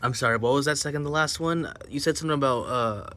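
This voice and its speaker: A man's voice: mid-range voice, fast, bright, forceful tone. A man hosting a mock news broadcast in a plush comedy skit, rambling and mock-serious with many self-interruptions. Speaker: host of a plush comedy channel.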